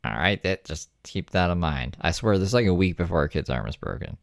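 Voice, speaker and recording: Deep-voiced man, dry sound, mocking commentary host. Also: lively intonation, fairly quick, vocal fry, no room sound. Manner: sarcastic, profane. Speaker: reaction commentator. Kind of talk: casual reaction commentary.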